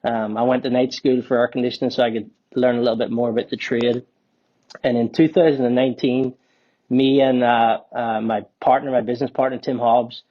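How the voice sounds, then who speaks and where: A man in his forties from Northern Ireland with a Northern Irish accent, a company co-founder telling his story as a podcast guest in a relaxed, rambling way. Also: mid-range voice, muffled recording. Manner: relaxed, rambling, many ums and restarts. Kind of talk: casual storytelling interview.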